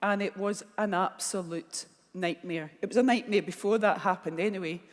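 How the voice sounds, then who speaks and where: A woman's voice: medium pitch, normal speed. Glaswegian woman speaking in a reverberant hall. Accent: Scottish, Glaswegian. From Scotland. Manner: candid, emotional storytelling. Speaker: keynote speaker. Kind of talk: motivational speech. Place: large conference hall. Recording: long reverb of a large hall.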